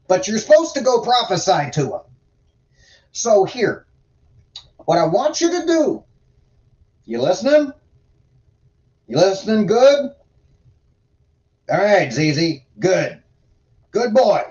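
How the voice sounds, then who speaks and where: A man's voice: sits high, darkish tone, lo-fi sound, exaggerated voice. A man putting on the voice of a bossy, crude male God who drawls and scolds in a folksy, profane, condescending way.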